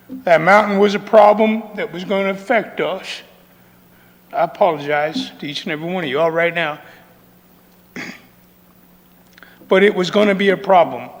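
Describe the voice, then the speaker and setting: Man, gravelly, emotional public commenter, long reverb. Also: sits high. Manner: emotional, folksy, repeats phrases, says y'all. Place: council chamber.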